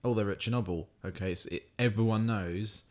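A man's voice: fairly low pitch, brisk, darkish tone. A man co-hosting a casual film podcast, answering briefly and dryly. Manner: brief, dry replies with short laughs. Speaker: podcast co-host.

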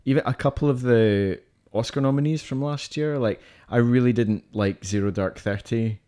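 Here a podcast co-host chats casually about film, eagerly listing titles he loved and hated and using lots of fillers. He speaks at a normal speed in a mellow, medium-pitched voice.

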